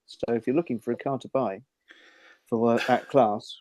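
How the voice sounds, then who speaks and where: A man's voice: mid-range voice, fairly even intonation, moderate pace, a little mellow, no room sound. A man co-hosting a casual podcast, reading out race results in a dry, understated way. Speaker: podcast co-host. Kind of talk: casual chat.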